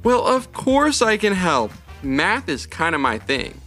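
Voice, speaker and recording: A man playing a math-world ruler in a children's audio story, a clear, forceful voice with an edge of impatience. Faint music runs beneath. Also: medium pitch, big pitch swings, moderate pace. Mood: pleased. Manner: annoyed, then warmly pleased.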